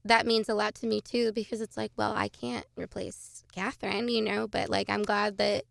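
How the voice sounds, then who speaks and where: A woman's voice: mid-range voice, level tone, normal speed, gravelly, no echo, clean studio sound. A young adult woman, a podcast guest, talking casually and animatedly with frequent laughter and fillers.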